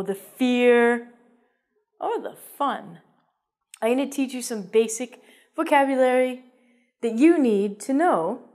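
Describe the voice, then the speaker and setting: A woman's voice: a little high, darkish tone. A woman teaching an English vocabulary lesson in a playful, jokey way, with theatrical asides.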